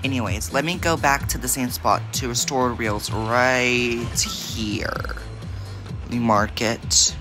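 A gaming video creator giving casual, excitable gameplay commentary, jumpy and prone to repeating panicked exclamations. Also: medium pitch, slow, music in the background.

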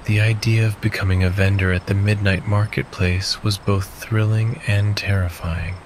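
A man narrating a sleep story in a calm, soothing way. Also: on the low side, moderate pace, slight background noise, poor audio. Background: faint crickets and insects.

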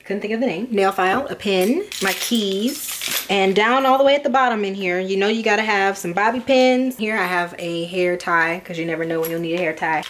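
A woman's voice: mid-range voice, fairly even intonation, moderate pace, few pauses, fairly bright tone, a little hiss or hum. A young woman vlogging casually, rambling and chatty with lots of fillers as she goes through things. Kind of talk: casual chat.

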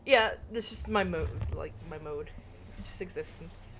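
Woman streamer, a bit low-pitched, tipsy, halting fillers, faint background noise. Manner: rambling, halting, filler-heavy. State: a little tipsy. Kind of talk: casual chat while gaming.

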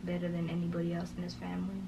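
A woman's voice: fairly low pitch, monotone, racing, creaky, noisy background. A young woman talking casually in an interview, telling a personal story and quoting others, with many fillers. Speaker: vlogger telling her story.

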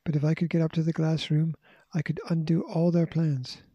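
A man's voice: a little high, little pitch movement, normal speed, mellow, no room sound, muffled recording, natural voice. A man voicing a worried middle-aged scientist father who speaks earnestly and in despair, in a storybook reading.

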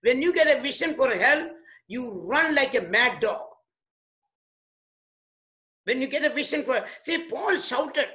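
Bright-voiced man preaching emphatically. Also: extremely high pitch, lively intonation, a little slow, long pauses. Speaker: pastor. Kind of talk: sermon. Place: church.

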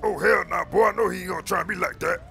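Sex: man. Style: gaming roleplay as a rival gang leader, loud and roasting. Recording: faint music behind the voice. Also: high voice, fairly even intonation, fast talker, vocal fry.

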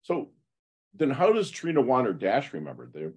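A man hosting a podcast interview, enthusiastic and motivational, quick with effusive praise. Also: medium pitch, wildly swooping pitch, slightly rough. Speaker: podcast host.

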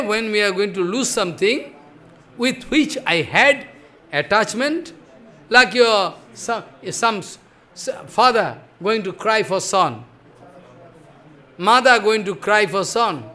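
A man's voice: high voice, expressive, slow, pauses often, pushed and bright. A man giving a devotional sermon, emphatic and questioning, often checking with "follow?". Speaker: spiritual teacher.

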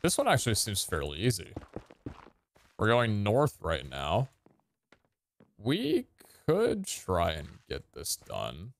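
A man giving casual gameplay commentary, excitable and swearing, with sudden loud outbursts and a voice that cracks. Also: fairly low pitch, slow pace, long pauses. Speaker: gaming streamer.

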